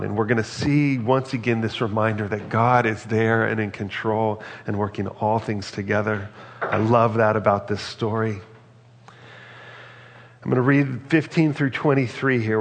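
Earnest male pastor with a gravelly voice. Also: on the low side, fairly even intonation, normal speed, big-room sound. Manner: earnest, reflective, reads scripture aloud. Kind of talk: sermon.

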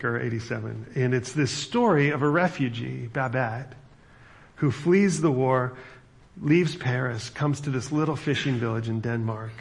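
A middle-aged male pastor with a mid-range, gravelly voice gives a sermon. He retells a film story in a loose, chatty way, using lots of fillers.

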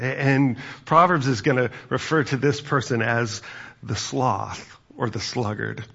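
A male pastor preaches in an earnest, reflective tone, often restarting his phrases. His voice is gravelly and husky. The recording is dull and lo-fi. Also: mid-range voice, a bit bright. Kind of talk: sermon.

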